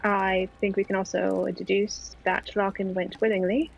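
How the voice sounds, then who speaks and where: A woman's voice: medium pitch, level tone, moderate pace, creaky, poor audio. Chatty woman player at a game table. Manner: chatty, explains things at length. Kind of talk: casual chat at a tabletop game.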